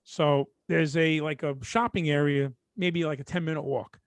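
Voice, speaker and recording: A man from Brooklyn, co-hosting a podcast and telling an animated, profane story that acts out the people in it. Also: a little high, moderate pace, dry recording. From Brooklyn, New York. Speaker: podcast co-host.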